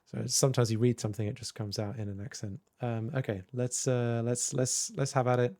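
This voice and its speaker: Using a desk mic and headphones, a livestream host talks to his viewers in a meandering, hesitant style packed with fillers. His voice is mid-range and dark-toned with fairly even intonation, he speaks fairly quickly, and the recording is dry.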